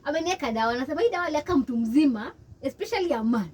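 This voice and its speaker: Young woman, kenyan accent, fast talker, higher voice, animated, distant mic, faint background hiss. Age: young adult. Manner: switches between English and Swahili, animated, laughs often. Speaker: interview guest. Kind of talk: casual storytelling interview.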